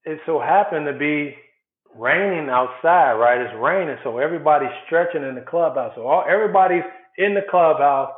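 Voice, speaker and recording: A man's voice: on the high side, normal speed. Chicago guy telling ballgame stories, tinny phone sound, kinda echoey. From South Side of Chicago. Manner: animated storyteller, acts out quotes. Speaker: former baseball player, guest. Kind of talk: storytelling interview answers.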